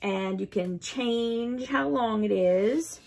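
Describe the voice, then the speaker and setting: A woman's voice: a little high, slow, gravelly, a little mellow. A woman hosting a casual unboxing video, cooing playfully at her cat and laughing often. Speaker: vlog host.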